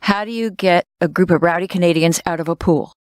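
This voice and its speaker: A woman co-hosting a podcast in casual chat, quick-witted and joking, growing emphatic when indignant. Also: lowish voice, dry recording, clean studio sound. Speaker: podcast co-host. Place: recording studio.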